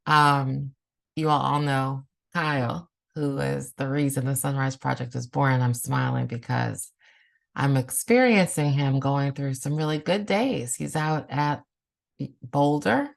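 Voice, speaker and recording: A woman hosting a podcast, speaking in a calm, reflective and affirming way. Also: rumbling low, unhurried, gravelly. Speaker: podcast host. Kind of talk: casual conversational podcast.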